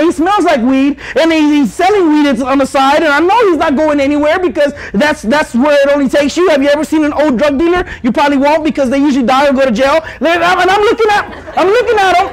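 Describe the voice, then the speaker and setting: A young man preaching to youth, animated and joking, rising to shouts as he pleads. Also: very high voice, quick pace, hardly any pauses, rough recording. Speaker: youth pastor. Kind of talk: youth sermon.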